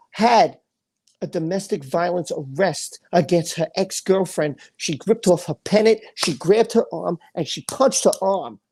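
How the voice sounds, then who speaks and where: A man's voice: on the high side, darkish tone. Angry man ranting on a livestream. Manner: angry, impassioned, repeats phrases; reads chat comments aloud. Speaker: livestream host. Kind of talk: emotional livestream rant.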